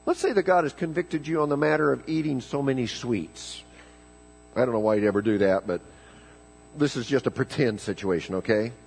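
A man's voice: medium pitch, fairly quick, a little mellow, husky, low-quality recording. A man preaching a folksy, joking sermon in church, often repeating words as he starts a thought. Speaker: pastor.

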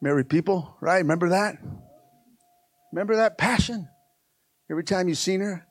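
A male pastor delivering a passionate sermon, swinging from soft asides to loud, fervent climaxes. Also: high-pitched, brisk, dry recording.

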